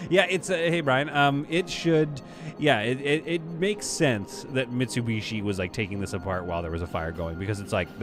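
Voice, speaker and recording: A man's voice: medium pitch, lively intonation, fairly quick, over music. A man hosting a casual live stream, chatting as he plays and reading viewers' messages aloud. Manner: chatty, muses aloud, reads chat. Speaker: streamer host.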